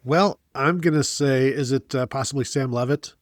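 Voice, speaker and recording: A man co-hosts a sports podcast, breaking down a game in rambling, exasperated analysis as casual sports chat. His voice is mid-range at a normal speed, recorded with studio quality and no room sound.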